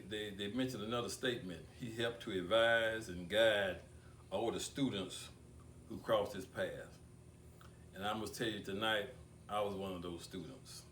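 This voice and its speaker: A man's voice: lowish voice, a bit bright, a little hiss or hum. Older man speaking from a podium, echoey and distant. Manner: deliberate speaker who repeats words, with long pauses. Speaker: speaker giving a tribute. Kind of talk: speech at an awards ceremony. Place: banquet hall. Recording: echoey room picked up from far off.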